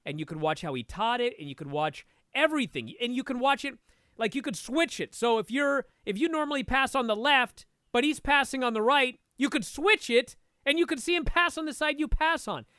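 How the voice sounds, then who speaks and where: Lively high-voiced man telling a story. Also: a little fast, clear, resonant tone, no room sound, studio quality. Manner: animated, swears freely, says "dude". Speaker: podcast guest, martial arts instructor. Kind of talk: casual storytelling chat.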